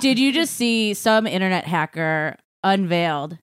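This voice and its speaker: A woman, a comedian guesting on a podcast, talking in animated, sarcastic banter. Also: lowish voice, unhurried, clean tone, no room sound. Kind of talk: casual comedy podcast chat. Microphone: studio mic.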